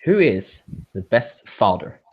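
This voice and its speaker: Husky low man on a dull line. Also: big pitch swings, measured pace. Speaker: quizmaster. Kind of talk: casual quiz banter.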